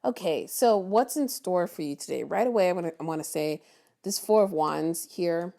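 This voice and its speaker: Woman, tarot reader, low gravelly voice, chatty and encouraging, loose casual delivery. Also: normal speed, warm tone. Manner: chatty, encouraging, many ums and restarts.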